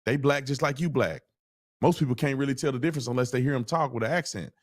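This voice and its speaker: A man's voice: mid-range voice, quick pace. A man hosting a show, giving casual commentary in a mocking, scornful way. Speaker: host.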